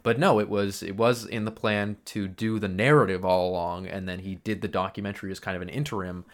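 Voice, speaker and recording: A man co-hosting a film podcast, talking thoughtfully and hesitantly with many pauses and ums. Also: sits low, fairly even intonation. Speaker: podcast co-host. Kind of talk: casual film podcast chat.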